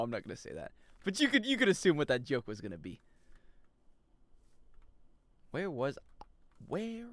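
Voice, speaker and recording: Playing a video game live, this streamer talks in a fairly high voice at a slightly quick clip, with no echo in the sound. He's excitable and full of jokes, reacting loudly, reading chat out loud and bantering with viewers.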